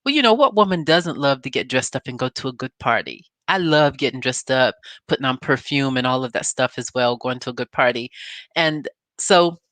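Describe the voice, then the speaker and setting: A woman's voice: rumbling low, expressive, brisk, fairly bright tone, no echo. A woman YouTube reviewer chatting casually through a recap of a TV episode. She talks straight to her viewers and wanders off on side notes before coming back. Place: home recording setup with green screen.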